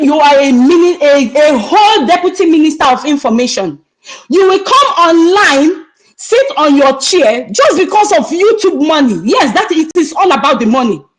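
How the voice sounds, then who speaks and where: A woman with a Nigerian accent, middle-aged, rants angrily on a livestream. Her voice sits high and she scolds in repeated bursts. She talks to her audience directly. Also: poor audio. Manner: angry, scolding, repetitive. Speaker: online activist speaker. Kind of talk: heated livestream rant.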